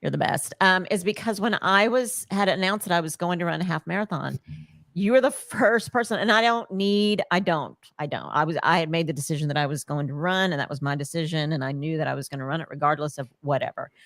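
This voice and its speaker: A woman hosting a podcast, speaking gently and haltingly to her guest. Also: sits low, dry recording, clean studio sound. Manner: gentle, halting, with many restarts. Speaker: podcast host. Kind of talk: supportive interview talk.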